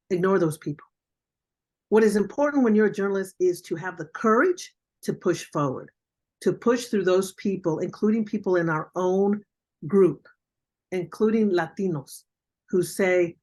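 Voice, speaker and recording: Speaking at a moderate pace in a medium pitch, a veteran journalist, an older woman, hands out forceful, no-nonsense career guidance during an online mentoring interview conducted by video call.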